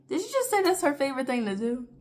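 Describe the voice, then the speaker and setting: A woman's voice: sits high, fairly quick. A woman giving casual reaction commentary as a vlogger, full of "like" fillers and indignant outbursts. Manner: heavy "like" fillers, indignant and expressive.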